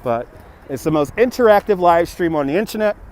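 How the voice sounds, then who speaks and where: A brisk man with a high voice, lively intonation and darkish tone hosts a livestream outdoors by a city river. Hailing from Brooklyn, New York, he chats casually into a gimbal-mounted phone, reading out viewer messages and thanking donors.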